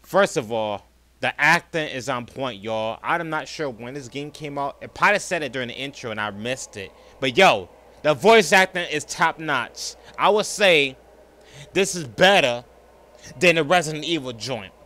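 Brief: man, 30s, gaming host, joking and slangy, forceful bright voice. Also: medium pitch, expressive, normal speed. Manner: hyped, slangy, joking, talks to viewers as y'all. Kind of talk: let's play horror commentary.

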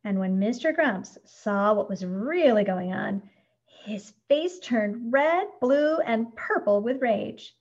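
A woman's voice: fairly high pitch, slow. Woman reading a picture book aloud. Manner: gentle, expressive read-aloud. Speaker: storyteller. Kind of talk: scripted storybook narration. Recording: dull lo-fi recording.

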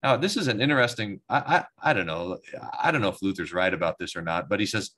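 A male pastor teaching a Bible class, reading passages aloud, then commenting in a lively, conversational way that sometimes acts out the quoted speakers. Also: lowish voice, fast talker, few pauses. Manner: animated, acts out quoted lines with voices, chuckles; restarts and repeats words while thinking aloud.

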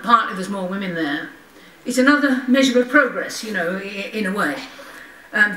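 An older woman speaks to a lecture audience, telling her story in a loose, conversational way, full of ums and wry asides. Her voice sits at a middling pitch. It is picked up from some distance and rings around a roomy hall. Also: fairly bright tone. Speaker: lecture speaker, former member of parliament. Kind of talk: personal anecdotal lecture. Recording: roomy hall, voice from far off the mic.

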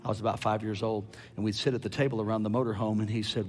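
A man preaching a sermon as a guest preacher, animated and loud at his peaks, with quick asides to the crowd. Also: fairly low pitch.

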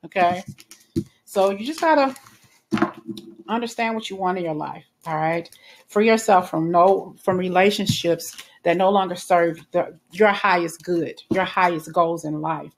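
A woman's voice: on the low side, unhurried, a little hiss or hum. Chatty woman giving a tarot reading. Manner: chatty, reassuring, many fillers and restarts. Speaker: tarot reader. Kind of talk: casual spoken tarot reading.

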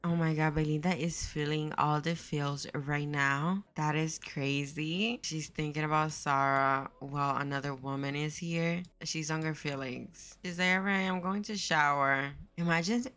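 A woman's voice: sits low, a bit bright. A young woman casually commenting on her life-sim game, chatty and sassy, swearing and voicing her characters. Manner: chatty, swears, voices her Sims sassily. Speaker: let's play host.

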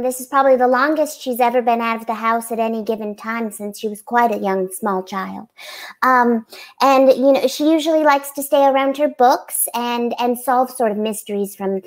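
A homebound bookworm sleuth, played by a woman, talking in a halting, hesitant way. Her voice sits high. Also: lightly acted. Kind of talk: tabletop role-play.

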